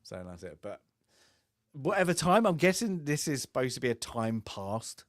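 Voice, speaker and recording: A man's voice: medium pitch, big pitch swings, moderate pace, dry recording, studio quality. A man chatting casually about a film, rambling with many fillers and acting out lines. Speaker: film review podcast host.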